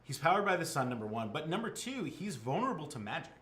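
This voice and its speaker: Bright-voiced rambling male host. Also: fairly high pitch, big pitch swings, fast talker. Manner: rambling, many fillers and restarts, acts out quotes. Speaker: podcast co-host. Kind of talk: casual chat reviewing comics. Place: game store. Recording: echoey room.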